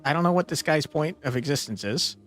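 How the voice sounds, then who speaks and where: A man streaming a tactical board game, commentating as he plays and often swearing and yelling at the game in frustration. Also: on the high side, expressive, brisk, faint music behind. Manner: exasperated, swears and yells at the game. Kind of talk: gameplay commentary.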